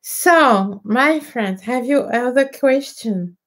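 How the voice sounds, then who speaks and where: A woman's voice: fairly high pitch, animated, takes it slowly, a little hiss or hum. A woman with a French accent, a native French speaker, hosting a casual live question-and-answer stream, hesitant with many fillers and restarts. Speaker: livestream host answering viewer questions.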